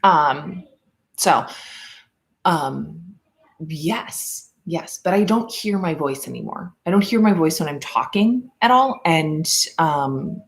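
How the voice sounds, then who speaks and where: Low-voiced woman rambling on a livestream. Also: animated, slow. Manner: rambling, many fillers and restarts; mimics others in a higher voice when quoting. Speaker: podcast host. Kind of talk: casual livestream chat.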